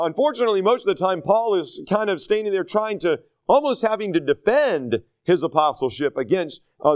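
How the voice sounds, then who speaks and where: Pastor type, male, fairly high voice, earnest conversational Bible teacher who fills pauses as he thinks. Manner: earnest, plain-spoken, with many fillers and restarts.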